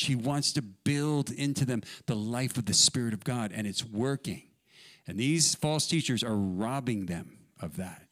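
A male pastor giving a sermon, reading scripture loudly and with emphasis, then explaining it in a casual, joking way with quieter asides. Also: mid-range voice.

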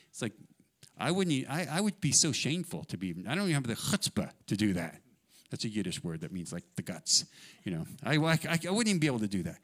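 A man's voice: sing-song, a little fast. Man preaching, scripture read with emphasis. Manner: reads scripture loudly and with emphasis, asides in a lower voice; mixes scripture reading with casual, joking explanation. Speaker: pastor. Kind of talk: sermon.

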